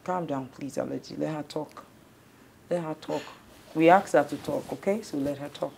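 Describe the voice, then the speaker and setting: An actress playing a counseling show host who calmly and steadily urges her guests to calm down. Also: low voice, normal speed, creaky, a little hiss or hum. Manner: calm, soothing, repeatedly pleads for calm. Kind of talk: scripted drama acting.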